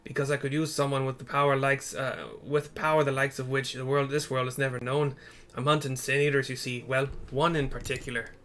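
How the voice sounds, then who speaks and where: A man voicing a feisty small male dwarf warrior in a rough put-on accent that slips in and out. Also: medium pitch, fairly even intonation, fairly quick, fairly bright tone, a little hiss or hum, close to an everyday voice. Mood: gruff.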